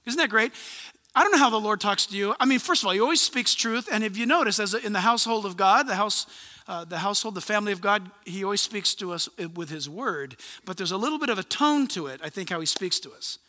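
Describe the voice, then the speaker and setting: High, bright-voiced animated male preacher. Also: fast. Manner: animated storytelling, acts out conversations. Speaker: pastor. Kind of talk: sermon. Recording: long hall reverb.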